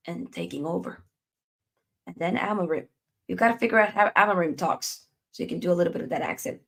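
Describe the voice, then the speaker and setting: A woman hosting a live football chat stream, reading viewer comments and reacting in a chatty, animated way. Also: mid-range voice, vocal fry. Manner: animated, chatty, with playful put-on voices.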